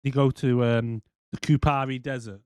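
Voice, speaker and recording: A man's voice: medium pitch, steady tone, normal speed, darkish tone, clear, resonant tone, no room sound, studio quality. A man co-hosting a podcast, ranting in casual, profane chat and slipping into mock voices. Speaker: podcast co-host.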